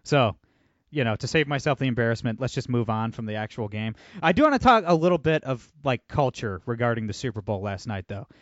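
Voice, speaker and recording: A man's voice: mid-range voice, expressive, a little fast, no echo, dull audio. A man hosting a podcast, talking loosely with many fillers and restarts. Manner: loose, rambling, full of fillers. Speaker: podcast host. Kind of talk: casual podcast chat and ad read.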